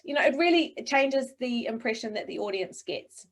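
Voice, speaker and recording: A middle-aged woman coaching speakers in a webinar, encouraging and expressive, talking over a video call. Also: high-pitched, normal speed. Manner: encouraging, expressive, demonstrates voices. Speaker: presentation coach.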